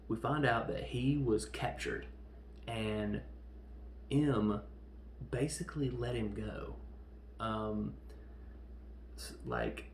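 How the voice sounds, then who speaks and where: Man, gravelly voice, casual film recap, echoey room with faint background hum. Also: lowish voice. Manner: animated retelling with quick acted-out quotes. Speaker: podcast host reviewing films.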